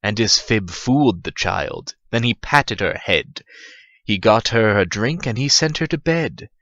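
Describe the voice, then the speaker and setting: Slow, bright-voiced man reading a rhyming story. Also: on the low side, expressive, dry recording. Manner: profane, stumbling, laughing at himself. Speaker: reader. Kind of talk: comedic parody read-aloud. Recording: dull lo-fi dry recording.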